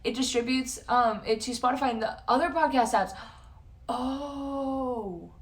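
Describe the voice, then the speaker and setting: A woman's voice: on the high side, fast, distant mic. A young woman livestreamer chatting casually to her viewers, cursing a lot and saying "like" constantly, her voice wearing thin. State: losing her voice. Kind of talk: casual chat to stream chat.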